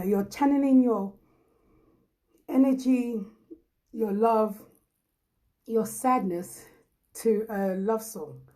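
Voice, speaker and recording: A woman from Ghana hosting a casual live chat, her voice mellow and set a little high. She talks bluntly and emphatically, hammering points home by repeating them and reading viewers' comments aloud. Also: rough recording. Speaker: host.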